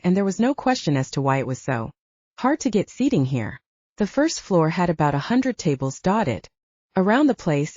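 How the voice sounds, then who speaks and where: Woman audiobook narrator, low and mellow, animated delivery, dry dull sound. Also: dry recording. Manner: expressive storytelling. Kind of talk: scripted narration.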